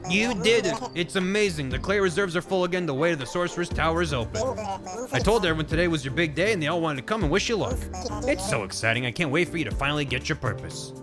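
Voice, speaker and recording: Man doing a cheerful gnome friend, gushing, higher voice, lively pitch, game music behind. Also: fast, close to an everyday voice. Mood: excited. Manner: gushing, excited.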